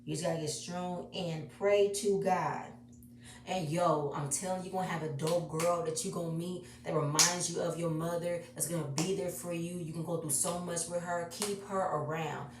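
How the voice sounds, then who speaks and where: A woman's voice: on the low side, steady tone, normal speed, slight background noise. A woman giving a casual, emotional recap of a reality show episode, talking chatty and repeating herself. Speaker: reality TV reviewer. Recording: echoey room, distant mic.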